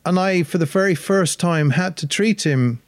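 A man talks through ideas in a thoughtful, explanatory way during a casual chat. His voice is a touch high and the room sounds dry. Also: moderate pace, dry recording.

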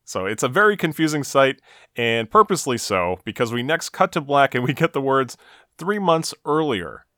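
Chatty man with a lively voice. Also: mid-range voice, brisk, dry recording, studio quality. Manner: wry, chuckling recap with frequent fillers. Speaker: podcast co-host recapping a TV episode. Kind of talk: casual chat.

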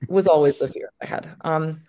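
A woman with a deep, low voice talks casually as an interview guest. She tells lively stories and acts out quotes in sudden bursts. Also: fairly quick.

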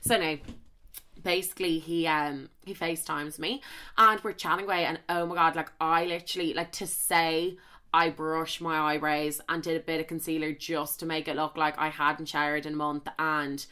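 A young Irish woman hosting a podcast, telling a story in a rambling, animated way full of swearing and asides, close on the mic. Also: sits low, moderate pace. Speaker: podcast host. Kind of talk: casual storytelling chat. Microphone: close studio mic with popping.

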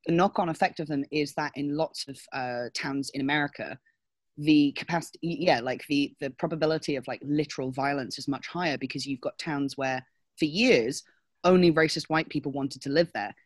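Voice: medium pitch, fairly quick, no echo. A podcast co-host, rambling through casual discussion with many fillers and restarts.

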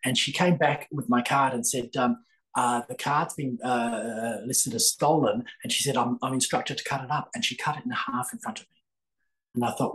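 A man's voice: medium pitch, steady tone, moderate pace, fairly bright tone, poor audio. An older man, a guest telling a long story with many fillers and restarts in a podcast interview. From Australia. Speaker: guest, psychic author.

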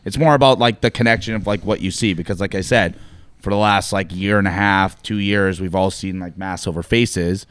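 A man's voice: deep voice, a little fast, clear, resonant tone, dry recording. A man in his thirties, a podcast guest, talking casually and rambling with lots of filler words. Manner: relaxed, rambling with many fillers. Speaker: podcast guest, event producer. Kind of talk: casual conversation.

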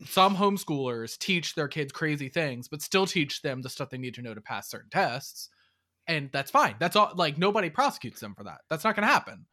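A man co-hosting a podcast, recapping a movie in casual chat, sarcastic and often mock-quoting in a flat undertone. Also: a little high, fairly quick. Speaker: podcast co-host.

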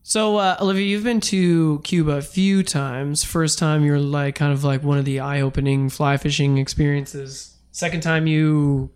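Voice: mid-range voice, steady tone, normal speed, hardly any pauses, a little mellow, clear, resonant tone. A podcast host in casual chat, rambling with lots of filler words as he makes a point. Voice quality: rambling, full of filler likes.

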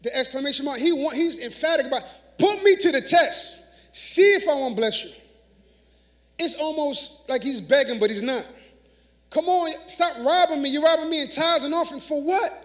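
A man's voice: extremely high pitch, moderate pace, fairly bright tone. A man preaching a sermon in a church, emphatic and conversational, using call-and-response with the congregation. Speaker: minister.

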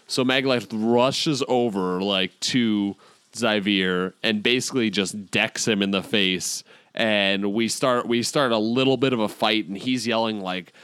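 A man's voice: fairly low pitch, measured pace, fairly bright tone, clean tone, dry recording. A man who plays in a tabletop game, casually and animatedly retelling a session, often laughing and using fillers. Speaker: player.

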